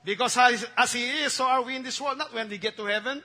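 High bright-voiced preacher. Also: male voice, steady tone, quick pace. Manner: emphatic call-and-response preaching with repetition. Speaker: pastor. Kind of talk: sermon.

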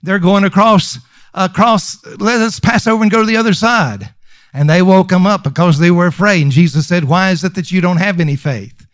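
A high-pitched man preaches at a fairly quick clip, conversational and emphatic, repeating lines for emphasis. As pastor, he uses fillers and restarts freely. No room sound.

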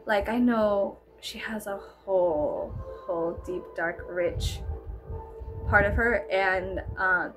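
A woman's voice: mid-range voice, slow pace, soft background music. A woman vlogger with a Texan accent telling a rambling, giggly storytime, saying "like" constantly. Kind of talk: casual storytime.

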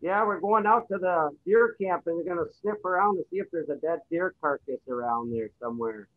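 A man's voice: fairly high pitch, a little fast, lightly acted. A man voicing an easygoing male forest predator in an educational role-play, with a folksy, joking manner. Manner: jokey folksy voice with tag "eh". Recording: tinny phone-like line.

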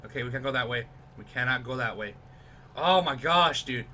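A young man doing live let's-play commentary on his gameplay, excitable and profane, dropping to a whisper while sneaking. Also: mid-range voice, normal speed.

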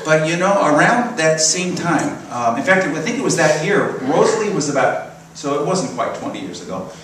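A man's voice: fairly high pitch, sing-song, moderate pace, a bit bright, slight background noise. Male minister preaching in an echoey church. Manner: conversational storytelling with chuckles. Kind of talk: sermon. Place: church sanctuary. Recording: roomy echo, from far off, faint ambience.

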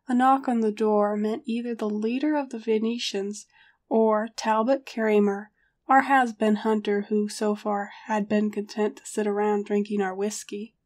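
A woman reading a first-person story aloud as a narrator, steady storytelling. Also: mid-range voice, moderate pace. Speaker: audiobook narrator.

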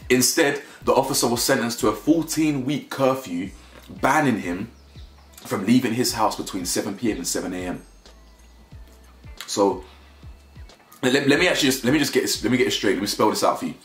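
Male commentator, animated and rambling, roomy room with music under. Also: mid-range voice, moderate pace, pauses often. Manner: animated, rambling, repeats himself. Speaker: commentary YouTuber. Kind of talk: casual opinion commentary.

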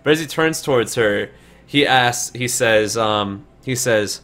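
A man's voice: mid-range voice, measured pace, a bit bright. Give me a man running a tabletop game on stream, rambling and casual, with faint music behind. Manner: loose, full of fillers like "like" and "um".

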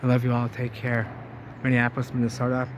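Rambling excitable man filming outdoors. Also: mid-range voice, quick pace. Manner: excitable, rambling, thinks aloud. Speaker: vlogger exploring ruins. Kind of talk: casual exploring vlog. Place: outdoors by ruins and a river. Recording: noisy outdoor camera audio.

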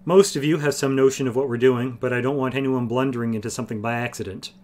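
A man's voice: mid-range voice, fairly even intonation, quick pace, darkish tone, close to an everyday voice. A man voicing an ancient, wry old male sorcerer who explains things blandly and patiently. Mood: wry explaining.

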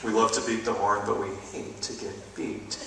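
A man doing a stand-up comedy routine in a college auditorium, animated and jumping between bits with mock outrage, with the audience laughing behind him. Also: on the low side, moderate pace, crowd noise. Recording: echoey hall taped from far off, audience laughter.

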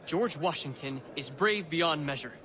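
An actor playing a wry, scheming middle-aged colonial forger locked in prison, in a video game cutscene. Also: male voice, on the high side, animated, unhurried, background noise. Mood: scornful. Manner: wry, sardonic, lecturing.

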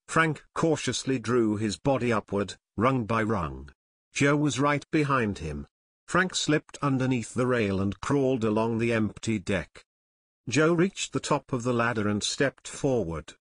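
A man narrating an unabridged adventure audiobook in a steady, measured reading voice. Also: medium pitch, no echo. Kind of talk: scripted narration.

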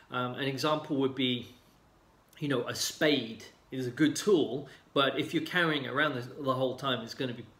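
A man in casual talk, explaining calmly with many fillers and sometimes acting out other people's lines. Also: mid-range voice. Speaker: healing coach. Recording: roomy echo.

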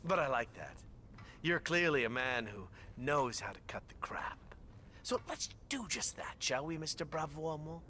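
Smooth game villain, bright, animated, condescending. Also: male voice, on the high side, normal speed, a little hiss or hum. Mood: menacing. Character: smug corrupt male politician, menacing. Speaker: villain politician. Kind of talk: game voice acting.

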